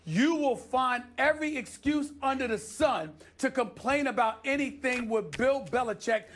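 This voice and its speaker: A man's voice: very high voice, moderate pace, a bit bright, soft background music. A man arguing sports on a studio debate show, emphatic and insistent, who keeps cutting in to take the floor. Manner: emphatic, repeats "listen" to grab the floor.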